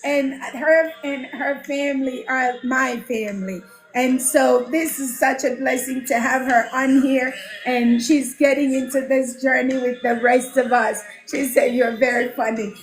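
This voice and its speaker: With faint music playing behind her, a high-voiced woman runs a relaxed livestream at a slightly slow, steady pace. She reads out comments, welcomes viewers by name and laughs often, and she mentors people in the home care business.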